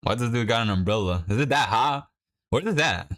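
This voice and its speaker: A young man chatting casually while watching a match live and coaching viewers through a quick workout. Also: mid-range voice, expressive, a bit bright. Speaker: livestream host. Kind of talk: casual watch-along chat.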